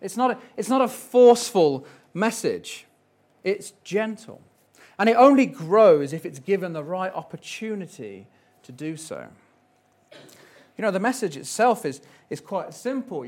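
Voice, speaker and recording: Male preacher, gentle reflective sermon delivery, slightly raised pitch.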